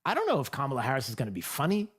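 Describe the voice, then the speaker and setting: A man hosting a political commentary show speaks into the mic with sarcastic mockery. His delivery is animated, racing and a little rough, with wide swings in pitch.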